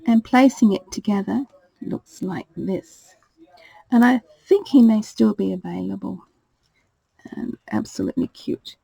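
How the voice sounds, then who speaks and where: A woman presenting her craft purchases in a casual show-and-tell, talking in a gentle, gushing way. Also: medium pitch, vocal fry, husky, dry recording, low-quality recording. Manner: gentle and gushing, fond of "little".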